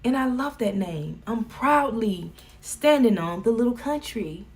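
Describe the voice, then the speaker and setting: A woman's voice: a little high, animated, a little slow, a little mellow. A woman with a Southern US accent chatting casually on a live stream, folksy and joking. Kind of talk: casual chat.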